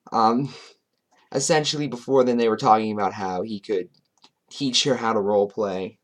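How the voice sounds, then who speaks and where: A man's voice: lowish voice, fairly even intonation, moderate pace. A man doing a commentary vlog, reading chat logs aloud and breaking in with sarcastic, chuckling asides. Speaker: commentary YouTuber.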